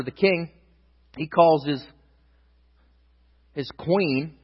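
High-voiced husky preacher in a hall. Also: male voice. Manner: storytelling, dramatic swings from loud to hushed. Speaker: pastor. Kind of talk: sermon. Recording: dull echoey hall, long reverb.

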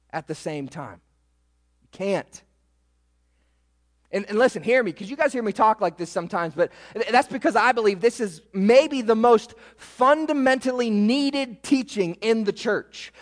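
A man's voice: high voice, big-room sound. A man preaching a sermon as pastor, emphatic, often repeating himself and checking in with "right?".

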